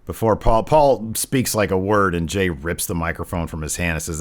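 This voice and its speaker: Man, lowish voice, casual wrestling recap, filler-heavy, chatty co-host. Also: normal speed, hardly any pauses. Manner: recaps at length with many fillers. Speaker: podcast co-host. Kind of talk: casual wrestling review chat.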